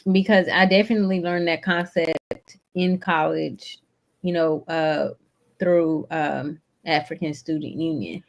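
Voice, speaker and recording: A woman co-hosting a podcast, chatty and animated as she tells stories. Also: low voice, a little slow, vocal fry. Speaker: podcast co-host. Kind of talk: casual conversation.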